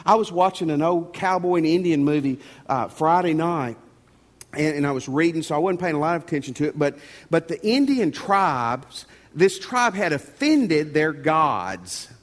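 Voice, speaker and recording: A man preaching a sermon as pastor, folksy and animated, often repeating words. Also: a little high, normal speed. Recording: long reverb of a church hall.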